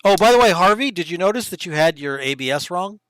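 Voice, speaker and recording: Young man, game master for online tabletop session; smooth, slightly high voice, dry close mic. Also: lively intonation, no echo. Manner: casual, quick asides while running the game software. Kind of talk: narrating a tabletop game over voice chat.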